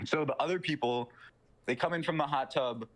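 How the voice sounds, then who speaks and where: A man's voice: on the high side, a little fast, a bit bright. A young man in casual chat, retelling a film plot in a rambling way full of fillers and swearing.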